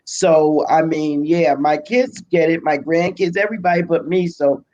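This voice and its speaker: An older woman with a Brooklyn accent, chatting as an interview guest, self-deprecating and quick to laugh. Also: low-pitched, darkish tone, highs cut off. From Brooklyn, United States. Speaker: pastor and biblical scholar, guest. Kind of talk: casual conversational interview.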